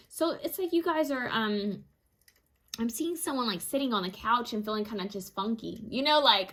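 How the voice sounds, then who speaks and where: A woman giving a casual, encouraging tarot reading to her viewers, energetic and fond of repeating herself. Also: fairly high pitch, moderate pace. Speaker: tarot reader. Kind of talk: casual intuitive card reading.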